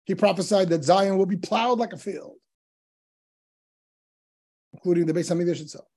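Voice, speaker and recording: A man, a rabbi teaching a Talmud class, telling stories in an animated way and acting out the dialogue of the sages. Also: sits high, moderate pace. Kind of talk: Torah class storytelling.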